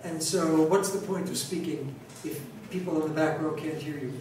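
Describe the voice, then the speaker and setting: A man lectures in a conversational way, circling back and restating his points. His voice sits a little high and carries a heavy hall echo, picked up from some distance. A faint hiss sits underneath. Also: a little mellow. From New York City, United States. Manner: conversational, repeats and restarts, speaks up deliberately. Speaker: pronunciation teacher. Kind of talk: conference talk. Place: large conference hall. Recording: echoey hall, distant mic, faint noise.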